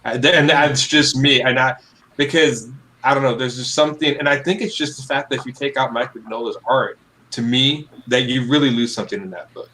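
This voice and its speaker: A man's voice: medium pitch, fairly even intonation, fairly quick, bright, forceful tone, a little hiss or hum, rough recording. A man panelist in a casual group chat, rambling with lots of fillers.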